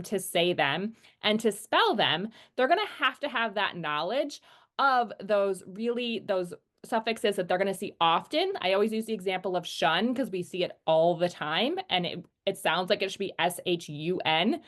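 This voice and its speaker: Woman slowly sounding out words in a lesson. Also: mid-range voice. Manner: explains patiently, sounds words out slowly, says "right?" often. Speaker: literacy teacher trainer. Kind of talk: instructional explanation.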